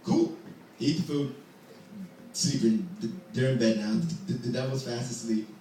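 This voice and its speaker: A man's voice: mid-range voice, steady tone, normal speed, dark tone, slight background noise. A man telling a folktale live, playful, with chatty asides to the audience. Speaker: storyteller. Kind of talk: live storytelling. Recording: echoey hall from far off.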